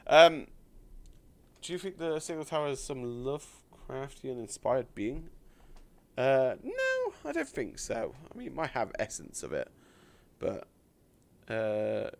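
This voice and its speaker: A man chatting on a live game stream, thanking donors with lots of fillers, a little hoarse from losing his voice. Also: medium pitch, sing-song, moderate pace, fairly bright tone.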